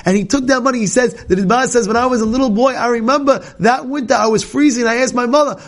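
A man teaching a Torah class to students in the room, telling stories with passion, sprinkling in Hebrew and Yiddish terms, and breaking into shouts at the peaks. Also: fast talker. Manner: animated, bursts into shouting at the high points. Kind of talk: impassioned storytelling lesson. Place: live class with students present.

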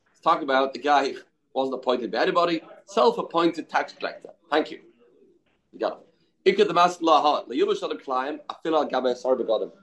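A man's voice: fairly high pitch, expressive, a little fast, fairly bright tone. Man teaching a casual Talmud class. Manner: conversational, thinking aloud and answering students; peppers English with Hebrew and Aramaic terms. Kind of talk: informal Talmud study lesson.

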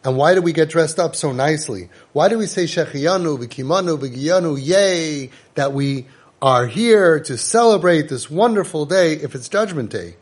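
Animated man giving a Torah talk. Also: fairly high pitch, moderate pace, breathy edge. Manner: animated, acts out quotes in a raised voice, mixes Hebrew terms into English. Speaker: Torah teacher. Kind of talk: Torah lecture.

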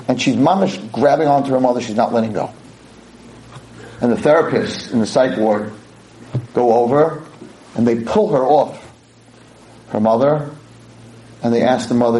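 A man's voice: medium pitch, a little slow, long pauses, dark tone, a little hiss or hum, low-quality recording. A male rabbi delivering a dramatic storytelling sermon, emotional and vivid.

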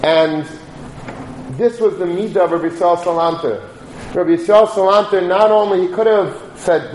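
A man tells a story in a relaxed, conversational sermon, slipping into the voices of the people in it. His voice sits a little high. The room is echoey, with faint ambience behind him. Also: moderate pace, slight background noise. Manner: conversational, telling a story with acted quotes.

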